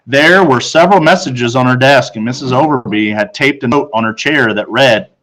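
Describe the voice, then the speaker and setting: A male teacher reads a children's novel aloud. His voice sits at a middle pitch. He keeps the narration steady and quickens through the tense passages. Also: rough recording. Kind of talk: read-aloud storytelling.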